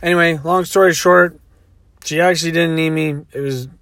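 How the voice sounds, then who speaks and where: A man's voice: fairly high pitch, steady tone, moderate pace, a bit bright, no echo. A man telling a rambling story in a casual way, acting out the quotes.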